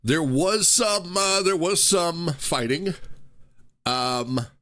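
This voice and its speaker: A man hosting a casual podcast, ranting in an animated way and restarting his sentences again and again. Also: on the high side, very slow. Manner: animated, ranting, self-interrupting with repeated restarts. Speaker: podcast host.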